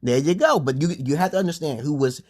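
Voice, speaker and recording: Man, husky voice, livestream rant, crude and rambling, swooping pitch. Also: expressive, fast. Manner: rambling, crude, jumps to high pitch when heated. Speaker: livestream host.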